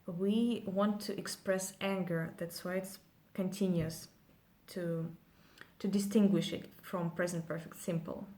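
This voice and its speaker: A woman teaching an English grammar lesson, whose first language is Russian, explaining with frequent pauses and ums. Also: on the low side, fairly even intonation, dark tone. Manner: slow, hesitant, many ums while explaining.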